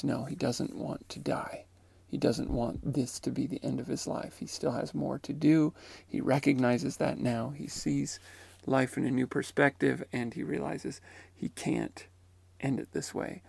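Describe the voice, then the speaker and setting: A man's voice: mid-range voice, flat delivery, measured pace, vocal fry, a little mellow, slightly rough, dry recording. A man retelling and reflecting on someone's near-death account in a musing, tentative way. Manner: musing and tentative, often unsure. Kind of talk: reflective spoken commentary.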